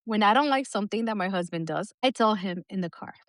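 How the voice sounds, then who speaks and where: A middle-aged woman talks frankly on her podcast, dropping curse words and laughing often. Her voice is recorded close and dry, with no room sound around it, and sits at an average pitch for a woman. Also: lively intonation, quick pace, fairly bright tone, dry recording. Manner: blunt and profane, with frequent laughter. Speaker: podcast co-host. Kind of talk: casual podcast chat.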